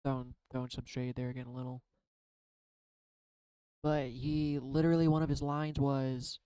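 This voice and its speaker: A man's voice: mid-range voice, level tone, normal speed, pauses often, dark tone, smooth, no echo, low-quality recording. A man rambling through a spiritual card reading in a casual, confessional vlog, often self-deprecating. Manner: tearful at times. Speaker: tarot card reader.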